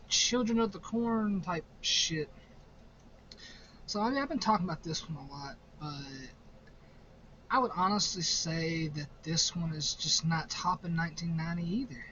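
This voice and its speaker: A man's voice: a little high, a bit bright. Profane young man ranking horror films. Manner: profane, rambling, quick to laugh. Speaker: horror movie vlogger. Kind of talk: casual ranking commentary. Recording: slightly dull recording with faint noise.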